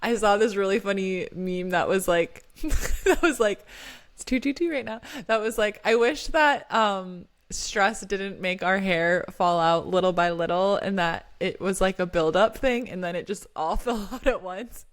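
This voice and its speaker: Young woman podcast cohost, giggly, chatty, mid-pitched voice. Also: moderate pace. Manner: giggly, laughs often. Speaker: podcast co-host. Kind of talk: casual chat.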